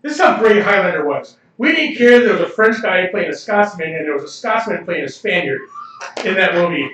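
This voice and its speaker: A man's voice: sits high, animated, a little fast, fairly bright tone, slight background noise. A man co-hosting a podcast in casual chat, opinionated and laughing often. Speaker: podcast co-host. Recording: roomy, distant, slightly dull livestream audio.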